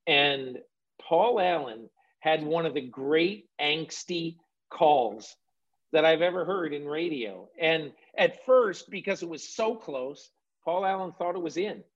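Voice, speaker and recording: A man's voice: on the high side, expressive, takes it slowly, lo-fi sound. A man hosting an interview, talking in a loose, rambling way and correcting himself as he goes. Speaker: host. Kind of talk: conversational radio interview.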